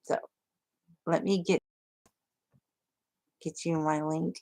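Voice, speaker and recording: A woman's voice: deep voice, little pitch movement, takes it slowly, warm tone. A woman rambling chattily to viewers of her livestream, full of fillers. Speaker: crafting livestream host. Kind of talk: casual livestream chat.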